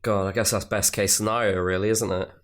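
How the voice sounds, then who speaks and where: A man's voice: on the low side, brisk. A young man hosting a podcast, prompting his co-host and tossing in jokes in casual chat. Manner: lively, prompting, joking interjections.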